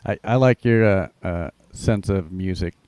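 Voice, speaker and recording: A man co-hosting a live stream, speaking haltingly with many fillers. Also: low voice, darkish tone, smooth, no echo. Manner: hesitant, filler-heavy. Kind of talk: casual chat on a live stream.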